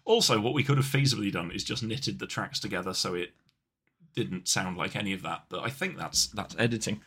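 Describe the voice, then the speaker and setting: A man's voice: low voice, a little fast, gravelly, pushed and bright, husky. A man co-hosting a podcast, chatting casually with playful, rambling jokes. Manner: playful, rambling, jokey asides. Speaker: podcast co-host. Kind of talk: casual chat.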